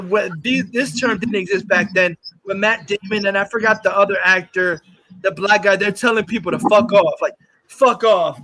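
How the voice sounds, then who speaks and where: High, bright-voiced man ranting. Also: rough recording. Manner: rambling, swearing, frequent restarts; exasperated, scoffing. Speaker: host reviewing a movie. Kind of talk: profane live-stream rant.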